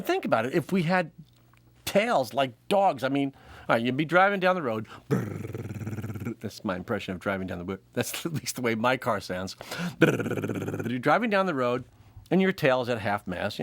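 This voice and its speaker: A man's voice: mid-range voice, big pitch swings, fairly quick, vocal fry, no echo. A man hosting a comedy show, delivering a jokey stand-up monologue and laughing often.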